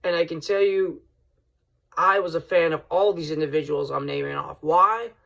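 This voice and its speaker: High-voiced excitable podcast host man. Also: normal speed, creaky. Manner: excitable, rambling, addresses listeners as folks. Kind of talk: solo podcast monologue.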